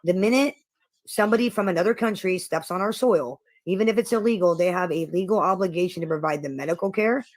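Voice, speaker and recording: A woman's voice: lowish voice, quick pace, darkish tone, no room sound. A middle-aged woman from Iowa hosting a casual livestream chat. She talks hesitantly, often repeating words as she goes. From Iowa, USA. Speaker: livestream host.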